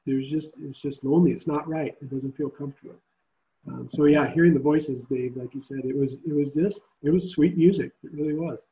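Mellow, earnest man with muffled sound. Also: a little high, fairly even intonation, fairly quick. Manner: earnest, reflective. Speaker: Christian summer camp leader. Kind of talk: podcast interview.

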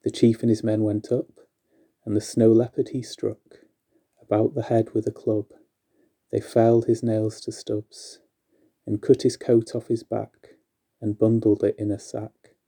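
A man recites a long rhyming tale in a measured, steady way. His voice sits low and very dark, with little rise and fall. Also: husky. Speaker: storyteller. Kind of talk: reading a rhyming story poem.

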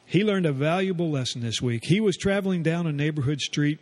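A male radio co-host with a slightly high voice, who narrates in a folksy, measured way. He speaks plainly and unhurriedly, like a neighbor sharing the week's news. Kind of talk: radio storytelling and chat.

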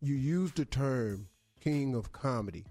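A man's voice: mid-range voice, animated, a little slow, mellow, faint music behind. A man hosting a radio morning show, teasing his cohost in a mock-stern way.

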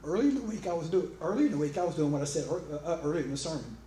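A male pastor delivers a sermon in a loose, chatty manner, stumbling through restarts and calling out to the congregation for a reply. His voice sits slightly high for a man. The sound carries through a roomy, echoing church hall with faint background noise. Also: very fast. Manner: animated, conversational, with many restarts; calls out to the congregation.

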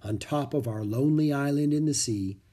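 A man voicing a calm, welcoming monk with measured, formal speech in a storybook reading. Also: medium pitch, lightly acted.

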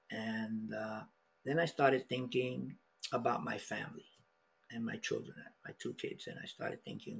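A middle-aged man telling a personal story in an emotional, halting way, with many restarts. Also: mid-range voice, fairly even intonation, creaky, a bit bright, slight background noise. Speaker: podcast guest.

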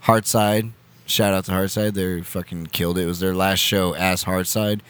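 A man's voice: deep voice, level tone, normal speed, a bit bright, smooth, dry recording. A man on a podcast, casually recounting a night out in rambling, profanity-laced talk full of fillers. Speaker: podcast co-host. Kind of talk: casual chat.

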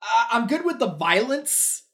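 A man co-hosting a film podcast, chatting casually in an excitable way, swearing freely and stammering. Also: extremely high pitch, unhurried. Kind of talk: casual film review chat.

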